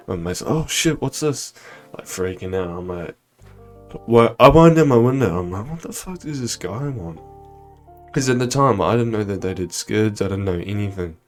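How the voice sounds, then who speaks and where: A young man with a low voice tells a rambling storytime tale. He swears often and leans on ums and likes. Faint music plays behind him. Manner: rambling, heavy swearing and fillers. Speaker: vlogger. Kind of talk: casual storytime.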